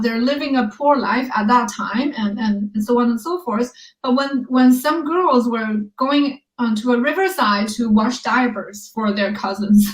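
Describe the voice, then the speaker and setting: A woman researcher answering interview questions thoughtfully, pausing and restarting often, with light laughs. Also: fairly high pitch. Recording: echoey room, a bit distant from the mic.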